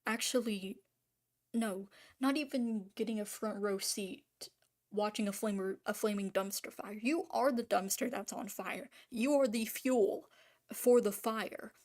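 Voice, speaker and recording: A woman's voice: medium pitch, measured pace, a little mellow. Rambling, profane woman ranting. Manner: rambling, profane, many restarts and trailing-off fillers. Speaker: artist ranting on camera. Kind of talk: casual spoken rant.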